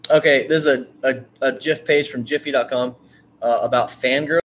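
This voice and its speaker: A man teaching an online writing course in a loose, rambling way, full of fillers and restarts, now and then bursting into eager excitement. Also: medium pitch, normal speed, a little hiss or hum. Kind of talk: casual screen-share lecture.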